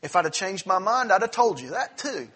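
A man playing a blunt, long-married husband who answers loudly and flatly dismissive. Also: high-pitched, fairly quick, breathy edge, voice pushed up, exaggerated voice.

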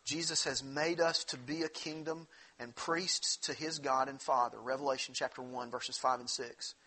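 A man's voice: medium pitch, steady tone, moderate pace, sharp tone, slightly rough. A man preaching a sermon in an earnest, conversational way, often restarting his phrases. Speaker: pastor.

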